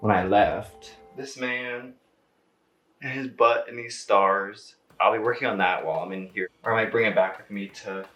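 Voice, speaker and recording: A man's voice: on the low side, measured pace, a bit bright. A young man chatting casually to camera as a vlogger, rambling with lots of fillers. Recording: echoey room with faint music.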